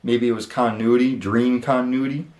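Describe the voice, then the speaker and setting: A man of middle pitch telling a story in a loose, rambling way, full of fillers and casual cursing. He is recorded in his own room, and the sound carries a noticeable roomy echo. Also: steady tone, brisk, a little mellow. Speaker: channel host.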